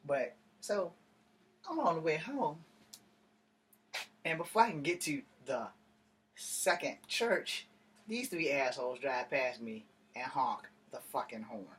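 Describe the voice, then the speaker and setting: A man's voice: on the high side, very animated, slow pace, long pauses, a bit bright, breathy edge. A man telling a story in a casual vlog rant, blunt and heavy on profanity. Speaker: vlogger. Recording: distant mic with faint ambient noise.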